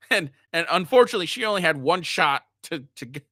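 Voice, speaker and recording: Man, reaction commentator, crude and mocking, lively pitch, dry close sound. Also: moderate pace, dry recording. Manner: crude, mocking, laughs often. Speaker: commentary streamer.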